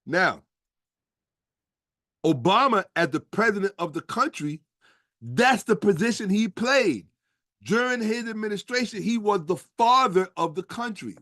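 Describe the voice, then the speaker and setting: High-voiced man lecturing emphatically. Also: lively intonation, unhurried, long pauses, a bit bright, no echo, studio quality. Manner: emphatic, rhetorical, profane, asks the listener questions. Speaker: streamer and history commentator. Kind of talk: casual lecturing talk on a stream.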